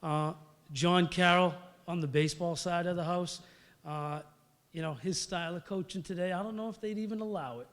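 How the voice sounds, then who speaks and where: A man's voice: sits high, normal speed, fairly bright tone, long reverb tail. A middle-aged man gives an acceptance speech. He tells stories conversationally, with fillers, and acts out the quotes. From Massachusetts. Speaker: hall of fame inductee.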